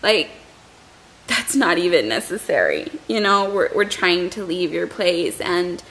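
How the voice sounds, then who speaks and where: A woman's voice: on the low side, animated, measured pace, a bit bright, poor audio. A young woman vlogger who is still shaken up, telling a long story in a rambling way and often repeating her words. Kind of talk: emotional storytime vlog.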